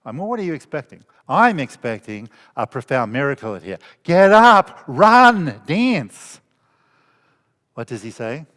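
Pastor preaching in a reverberant hall. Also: male voice, medium pitch, big pitch swings, fairly quick, hardly any pauses, a bit bright. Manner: conversational storytelling with rhetorical questions. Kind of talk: sermon.

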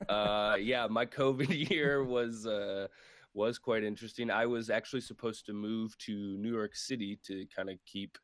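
Wry low-voiced man, dry close mic. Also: no room sound. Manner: wry, self-mocking. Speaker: stand-up comedian, guest. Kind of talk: casual chat.

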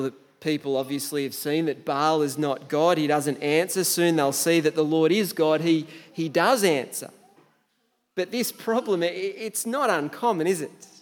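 A man with an Australian accent preaching a sermon in a conversational way, asking the listeners rhetorical questions and sometimes stumbling over words. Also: a little high. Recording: long reverb in a large hall.

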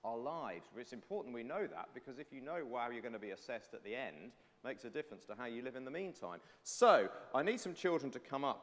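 A man giving a lively children's talk in a church service, telling a personal story before the reading's lesson. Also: quick pace, few pauses. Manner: animated storytelling, lively pitch. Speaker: preacher. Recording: hall reverb.

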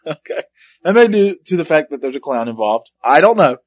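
A man with a lively, fairly high voice co-hosts a relaxed retro gaming podcast. He teases his partner and laughs often. The recording is dry and close. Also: a little fast, no room sound. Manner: teasing, laughs a lot. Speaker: podcast co-host. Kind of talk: casual chat about retro video games.

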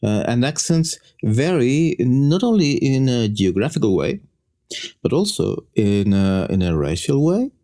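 Chilean man, native Spanish speaker, podcast guest; mellow voice, animated explainer. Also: measured pace. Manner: explanatory, with lively pitch jumps. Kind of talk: conversational podcast chat.

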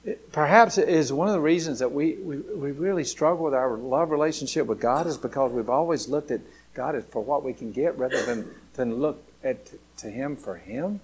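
A man, a pastor, delivering an earnest sermon straight to his listeners, shifting from hushed, slow lines to loud, excited ones. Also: medium pitch, breathy edge. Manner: dramatic preaching, swinging from hushed to loud; earnest and direct, addressing listeners.

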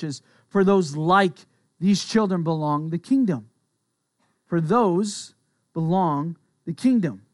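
An earnest male pastor in his thirties or forties delivers a sermon, talking conversationally and slipping into personal asides. His voice sits a little higher than most men's. The sound is close and dry, with no room echo.

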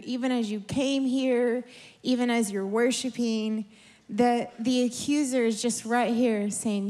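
A woman with a high, bright-pitched voice preaches at a church service. She repeats her phrases with mounting passion, rising at times to shouts as she exhorts the congregation. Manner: impassioned, repetitive, building to shouts. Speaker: preacher giving prophetic words. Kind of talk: charismatic sermon. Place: church service in a warm room.

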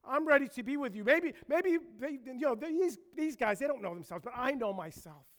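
Man voicing an overconfident, emphatic disciple, pitched high, for a sermon retelling. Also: expressive, a little fast, in a large hall. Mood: eager, insistent. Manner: emphatic, insistent protest. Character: eager, boastful adult male disciple.

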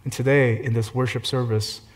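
Male pastor delivering a sermon, mid-pitched, moves between soft gentle stretches and rising fervent peaks. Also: fairly even intonation, normal speed. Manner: swings between gentle hushed passages and loud fervent climaxes.

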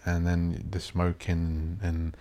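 Guy, deep voice, swearing, rambling solo podcast host. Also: level tone, slow pace, dark tone. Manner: swears a lot, rants and mocks posh voices.

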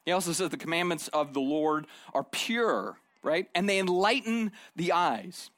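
A man's voice: high voice, lively intonation, moderate pace, a bit bright, dry recording. A middle-aged man preaching a sermon in a conversational storytelling way, often tagging his points with "right?". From Arizona. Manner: conversational storytelling, frequent "right?" tag questions. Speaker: pastor.

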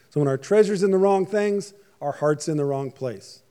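A man's voice: on the high side, normal speed, few pauses, mellow. A man preaching a sermon in a conversational, joking way, with frequent asides to the congregation. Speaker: pastor.

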